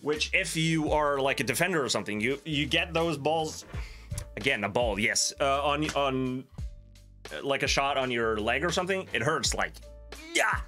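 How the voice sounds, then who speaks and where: A young man with a Swedish accent chats loosely on his livestream, drifting between answers and laughing at his own jokes. His voice is bright and forward. Faint music plays underneath. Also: mid-range voice, expressive, normal speed. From Sweden. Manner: rambling, self-amused, chuckles at his own jokes. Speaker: livestream host. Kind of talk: casual livestream chat reading viewer comments.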